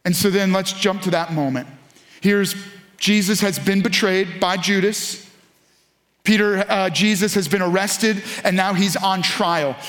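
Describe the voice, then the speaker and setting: High-voiced male pastor preaching. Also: measured pace, a bit bright. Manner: conversational, storytelling. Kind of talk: sermon.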